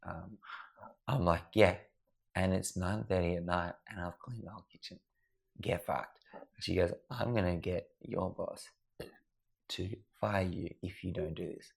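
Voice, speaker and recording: A man's voice: deep voice, steady tone, unhurried, gravelly, slightly rough. A man telling sweary, rambling stories in casual chat at home at night. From Australia. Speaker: podcast guest. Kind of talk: casual storytelling. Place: house at night.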